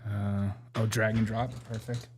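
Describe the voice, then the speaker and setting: A man's voice: fairly low pitch, flat delivery, unhurried, slight background noise. A young man hosting a casual political comedy show, chatty and mocking, laughing often. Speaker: host.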